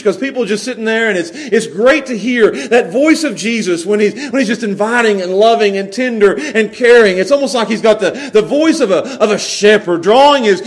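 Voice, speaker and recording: A man preaching a sermon in a church, earnest, often repeating and restarting words. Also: sits high. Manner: earnest, builds from quiet prayer to emphatic preaching. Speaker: pastor. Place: church sanctuary.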